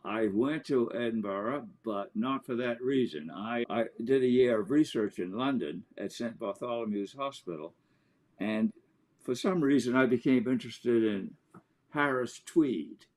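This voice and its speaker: A man, an author and interview guest, telling anecdotes in an animated way. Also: medium pitch, unhurried. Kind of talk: storytelling in an interview.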